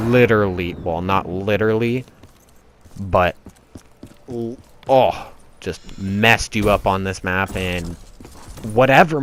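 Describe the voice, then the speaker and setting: A man's voice: fairly low pitch, noisy background. A young man hosting a gaming channel, lecturing in an exasperated, profane rant over his gameplay. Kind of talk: ranting gameplay commentary. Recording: loud gunfire from game audio behind voice. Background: gunfire, explosions and vehicles from the game.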